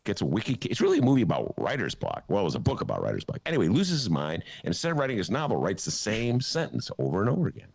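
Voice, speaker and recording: A man's voice: lowish voice, huge pitch swings, rapid-fire, creaky, few pauses, no echo, clean studio sound. A man hosting a talk show, telling a rambling, jokey story in casual banter. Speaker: host.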